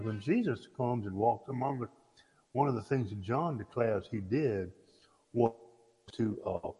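A man preaching in a plain, folksy manner, stumbling over and repeating words as he goes. His voice is husky. It rings through a large reverberant hall, with faint music under it. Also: medium pitch, a little mellow. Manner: folksy, halting with repeated restarts. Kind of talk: sermon.

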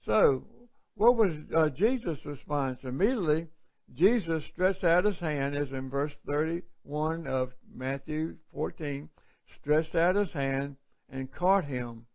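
A man teaching a live Bible study in a folksy, conversational preaching manner, with sudden loud cries. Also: fairly high pitch, takes it slowly, vocal fry. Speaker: pastor. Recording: dull, lo-fi livestream audio.

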